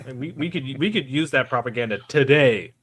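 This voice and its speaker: A man chiming into a live online discussion, earnest, with halting restarts. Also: mid-range voice, lively intonation, a little hiss or hum.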